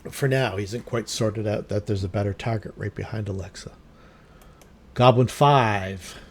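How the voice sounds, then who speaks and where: A man's voice: on the low side, normal speed, noisy background. A man running a tabletop game as game master, narrating the enemies' moves and thinking aloud with fillers.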